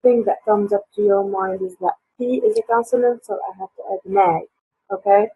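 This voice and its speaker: A woman's voice: medium pitch, fairly even intonation, moderate pace, breathy edge, dry recording. A woman teaching an online English lesson, hesitant with many fillers, her voice sore. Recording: tinny phone-like line.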